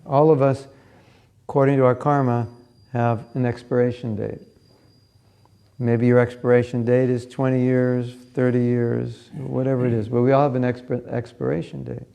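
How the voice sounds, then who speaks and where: Man, class speaker, mellow gravelly voice, chatty storyteller who asks the room questions. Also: medium pitch. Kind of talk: scripture class talk.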